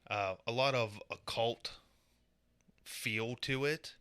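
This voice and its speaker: A man's voice: mid-range voice, takes it slowly, a bit bright, clean tone, no room sound. A man co-hosting a casual podcast, explaining a topic in a dry way with crude asides. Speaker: podcast co-host presenting a conspiracy segment.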